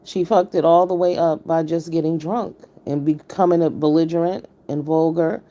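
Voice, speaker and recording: A woman's voice: deep voice, steady tone, moderate pace, dark tone. A woman hosting a live stream, giving blunt, emphatic and profane commentary while greeting her viewers. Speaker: livestream commentator.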